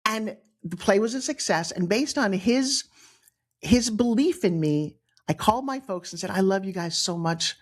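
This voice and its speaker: A middle-aged woman from New York with a New York accent, telling her own life story on a podcast in an animated way, acting out the people she quotes. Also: medium pitch, moderate pace. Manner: animated, acts out quoted voices, frequent restarts. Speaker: guest storyteller.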